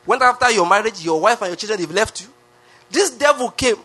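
A man's voice: high voice, expressive, a little fast, sharp tone. A man preaching a sermon, emphatic, with lots of repetition and rhetorical questions. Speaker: pastor.

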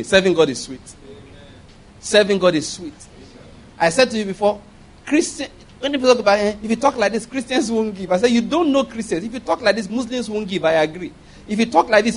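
A man preaching a sermon in an animated way, often laughing and acting out little dialogues. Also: high-pitched.

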